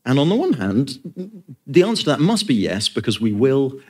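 A man's voice: medium pitch, big pitch swings, moderate pace, darkish tone, husky. A man preaching a sermon, earnest and emphatic, with conversational asides.

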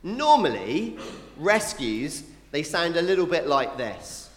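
A man giving a family Christmas sermon, animated and playful, talking to children with quick asides. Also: on the high side, heavy background noise. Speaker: preacher. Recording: echoey hall with long reverb.

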